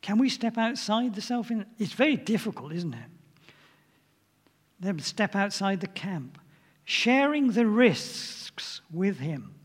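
A man's voice: sits high, big pitch swings, unhurried, husky, long reverb tail. An older man giving an informal sermon in a chatty way, often putting questions to his listeners. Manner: chatty, asks the audience questions. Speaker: preacher.

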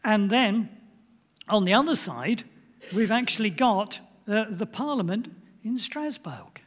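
A man's voice: high voice, animated, measured pace, big-room sound. An older man giving an informal sermon in a chatty way, often putting questions to his listeners. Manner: chatty, asks the audience questions. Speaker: preacher.

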